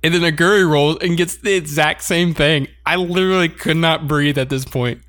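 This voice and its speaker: A man's voice: a little high, normal speed, no echo, clean studio sound. Laughing man recapping an anime. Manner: animated, laughs often while recounting scenes. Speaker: podcast co-host. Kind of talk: casual anime recap chat.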